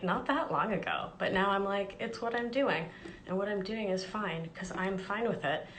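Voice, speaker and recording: A woman life coach and podcast host, chatting casually on a live stream with upbeat, self-deprecating asides. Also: medium pitch. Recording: echoey room with faint background noise.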